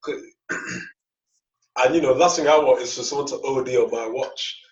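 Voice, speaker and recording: A man's voice: mid-range voice, normal speed. Young man telling a rambling story, echoey. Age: young adult. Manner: rambling, repeats words, acts out dialogue. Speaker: podcast co-host. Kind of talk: casual storytelling chat. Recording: echoey, distant, dull lo-fi mic.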